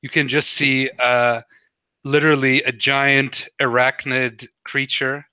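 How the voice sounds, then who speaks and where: Bright-voiced young man running a game. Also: mid-range voice, little pitch movement, takes it slowly, clear, resonant tone, no room sound, poor audio. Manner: rambling, casual, with many fillers. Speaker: game master. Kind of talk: narrating a tabletop game.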